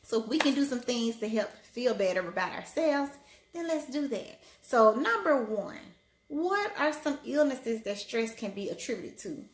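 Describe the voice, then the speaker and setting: A woman's voice: big pitch swings, normal speed. Chatty woman doctor, roomy echo. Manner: chatty, greets viewers by name in a high bright voice. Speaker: family medicine physician hosting a live stream. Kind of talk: casual live-stream talk to viewers.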